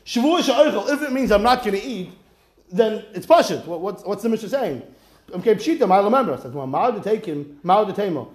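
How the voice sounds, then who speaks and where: A man teaches a Talmud class with a lively, high voice that leaps up and down as he chants the text. He slips Aramaic and Hebrew phrases into his English. The room around him is echoey. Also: fairly quick. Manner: animated, mixes Aramaic and Hebrew terms into English, sing-song quoting. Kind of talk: animated Talmud class lecture.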